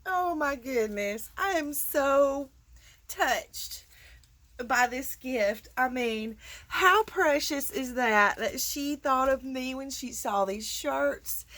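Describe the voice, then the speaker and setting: A woman's voice: high voice, a bit bright. A middle-aged woman from Georgia with a Southern accent, chatting casually and effusively to her viewers. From Georgia, USA. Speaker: crafting vlogger. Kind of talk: casual chat unboxing mail.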